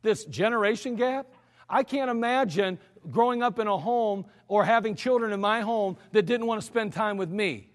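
A man's voice: high voice, normal speed, in a large hall. A man preaching a sermon as pastor, blunt and exhorting, scolding his listeners directly.

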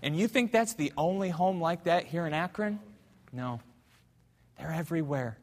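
A man preaching a sermon as pastor in a church, telling a story fervently, swinging between loud and hushed. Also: on the high side, animated, normal speed, in a large hall. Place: church sanctuary.

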